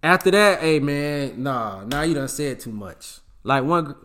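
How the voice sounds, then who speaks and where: A man's voice: on the high side, lively intonation, measured pace, a bit bright. Blunt, slangy man giving advice. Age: adult with a child. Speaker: relationship advice speaker. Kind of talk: casual monologue.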